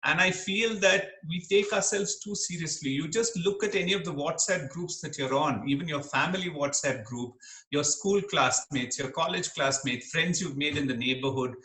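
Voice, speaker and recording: A middle-aged man from Kerala, speaking as an interview guest in an earnest, animated way and laughing easily. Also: on the high side, moderate pace. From Kerala, India. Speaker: interview guest, dermatologist and comedian. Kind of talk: reflective interview talk. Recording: echoey room.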